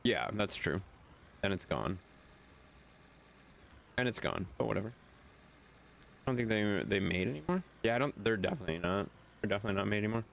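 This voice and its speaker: A man's voice: lowish voice, animated, fairly quick, gravelly, long pauses, fairly bright tone, a little hiss or hum. A man streaming a game, chatting loosely with viewers, swearing and laughing often. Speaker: gaming streamer. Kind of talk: casual chat while playing.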